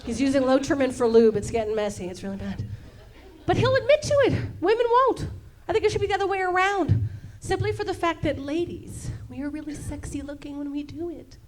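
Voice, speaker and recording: A woman's voice: sits high, brisk. A woman comic doing playful stand-up with songs on a club stage, laughing and acting out silly voices. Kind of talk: musical stand-up comedy. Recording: live stage recording with clear music. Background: guitar and audience laughter.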